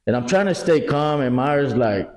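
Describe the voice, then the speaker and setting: A middle-aged Texan man chatting on a podcast with a mellow, darkish voice. He tells stories with animated energy, acts out what people said and swears freely. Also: medium pitch, normal speed. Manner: animated storyteller, acts out quotes, swears a lot. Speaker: podcast co-host. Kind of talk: casual chat.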